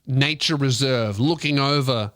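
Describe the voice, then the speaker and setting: A man host telling a comic story in a rambling, profane way, breaking into loud put-on voices. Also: medium pitch, measured pace, clean tone, dry recording, studio quality. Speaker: comedian host. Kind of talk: stand-up style storytelling.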